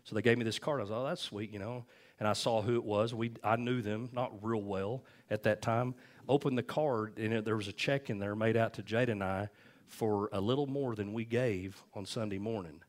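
A man delivers a sermon, his fairly low voice carrying an easy, conversational preaching style. He tells stories and keeps checking in with the congregation with "amen?" and "okay?". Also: steady tone, fairly quick. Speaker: pastor.

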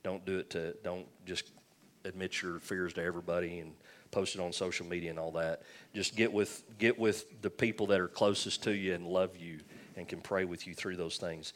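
Low-voiced pastor preaching casually. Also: male voice, fairly even intonation, moderate pace, a bit bright. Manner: conversational and joking, with frequent restarts. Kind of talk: sermon.

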